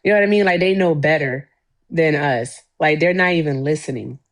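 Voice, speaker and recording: A woman joins in a casual political talk stream, her voice sitting somewhat low for a woman. She reacts with animated disbelief and keeps the back-and-forth lively. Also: brisk.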